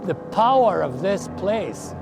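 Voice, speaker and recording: A man in his sixties telling his story in an earnest, reflective way, slowing down to stress his words. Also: sits high, big pitch swings, vocal fry, music in the background. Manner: earnest, slow, emphatic. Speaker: adventurer recounting a long walk.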